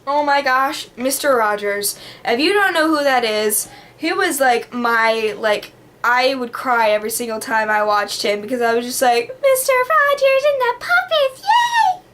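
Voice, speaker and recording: A woman's voice: fairly high pitch, normal speed, fairly bright tone. A woman vlogging in a casual, rambling monologue that is full of fillers and has a bubbly, dramatic manner. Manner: rambling, heavy on the filler word "like".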